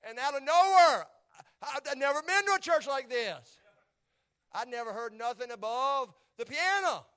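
A middle-aged man preaches in a striking, very high voice. He tells his testimony animatedly, dropping to near whispers and then rising to shouts, and repeats phrases for emphasis. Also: animated, moderate pace. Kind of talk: sermon storytelling.

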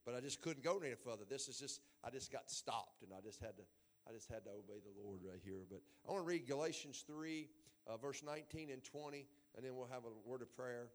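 A man, a pastor preaching a folksy Bible sermon and building to loud emphasis. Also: medium pitch.

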